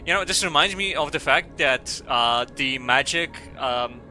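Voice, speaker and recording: A male streamer with a bright, sharp voice talks loosely while he plays. He drifts into crude jokes and rambling asides full of fillers. Faint game music plays underneath. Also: a little high, measured pace. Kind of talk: casual gaming commentary, reading game dialogue aloud.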